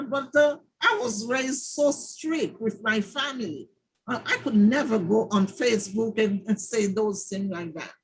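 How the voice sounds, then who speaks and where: A middle-aged woman with a high voice co-presents in a relaxed, chatty way. She tells animated stories and acts out the things people say to her. A faint hiss runs under her voice. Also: rough recording. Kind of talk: informal presentation.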